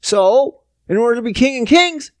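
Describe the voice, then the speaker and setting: A man's voice: extremely high pitch, expressive, normal speed, dry recording, clean studio sound. A man, hosting a podcast, ranting about politics, sarcastic and swearing constantly. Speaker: podcast host. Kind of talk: profane political rant.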